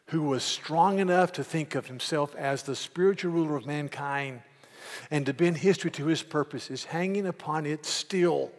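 A man preaching a sermon in a church, emphatic, slowing down to stress key words and repeating words as he starts sentences. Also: on the high side. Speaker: pastor. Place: church sanctuary. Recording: long hall reverb.

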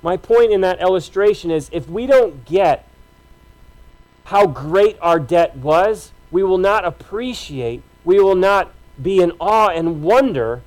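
A man with a notably high voice for a male speaker delivers a sermon from the pulpit. He talks to the congregation in a conversational, emphatic way, piling up short repeated phrases. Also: expressive, slow pace, a little mellow, rough recording. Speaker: pastor.

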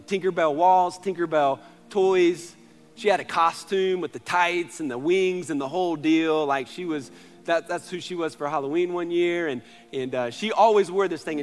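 Man, thirties, pastor, sermon, earnest storytelling, slightly high voice, faint music behind. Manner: earnest storytelling, swings from loud to hushed.

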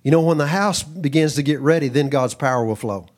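A middle-aged man from Texas preaching a sermon, animated and lively, often breaking into asides and acting out quoted voices. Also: fairly high pitch, a little fast.

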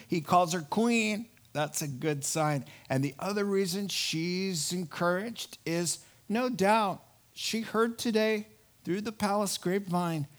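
A man preaching a sermon, telling a Bible story with animated energy and acting out the characters' lines. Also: high voice, takes it slowly. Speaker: pastor.

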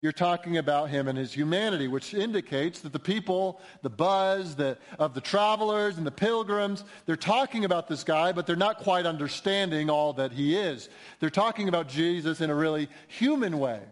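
Man, pastor, sermon, emphatic delivery, slightly high-pitched voice. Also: moderate pace, hardly any pauses. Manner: emphatic, rising to near-shouts when quoting cries. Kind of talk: expository sermon.

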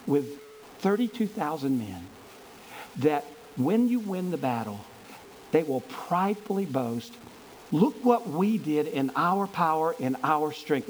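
A man voicing God as a calm, steady and firm presence in a retold Bible story. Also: a little high, slight background noise, poor audio. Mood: solemn. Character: calm, all-knowing divine voice.

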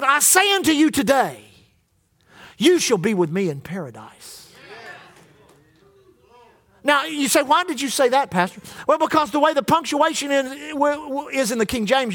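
A man's voice: very high-pitched, big pitch swings, moderate pace, fairly bright tone. A male pastor preaching a sermon in church, leading the congregation in call-and-response.

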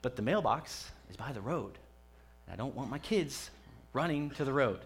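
A man's voice: medium pitch, lively intonation, normal speed, breathy edge. A man in his thirties, a pastor giving a conversational sermon in a church, chatty and joking with the congregation.

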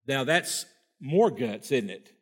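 A man's voice: medium pitch, big pitch swings, takes it slowly. A man preaching a sermon, reading scripture aloud and breaking in with folksy asides and rhetorical questions. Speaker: pastor.

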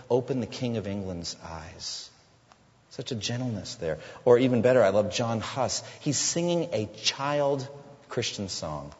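A pastor delivers an earnest sermon in a low male voice. The sound is dull and lo-fi, and a long reverb trails behind each phrase as if he speaks in a large hall. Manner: earnest preaching, voicing quoted figures with rising pitch.

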